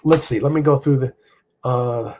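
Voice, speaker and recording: A middle-aged man hosting a casual live stream from home, speaking personally and reflectively, halting often with fillers. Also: mid-range voice, steady tone, a little mellow, a little hiss or hum. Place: home room.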